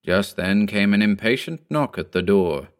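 A man reading a ghost story aloud in a measured, grave manner. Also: fairly low pitch, expressive. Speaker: narrator. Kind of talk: scripted ghost story narration.

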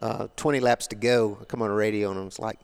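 Gravelly older man telling stories. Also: lowish voice, steady tone, fast. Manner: rambling, colloquial. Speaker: interview guest. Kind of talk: casual storytelling.

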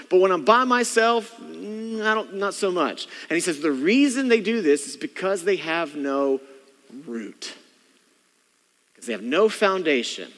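High-voiced male pastor in an echoing church. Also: animated, measured pace, a bit bright. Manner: conversational preaching, mimics churchgoers' inner thoughts. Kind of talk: sermon. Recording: long hall reverb.

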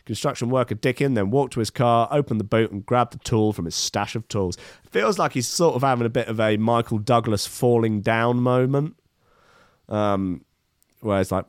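A man's voice: medium pitch, normal speed, no echo, studio quality. A man reading news articles aloud and commenting on them casually, with sardonic, rambling asides.

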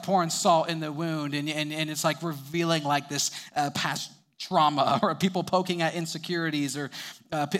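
A young man preaching, with a voice pitched a little above most men's. He tells stories in a sermon and keeps breaking into light chuckles between his sentences. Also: fairly bright tone.

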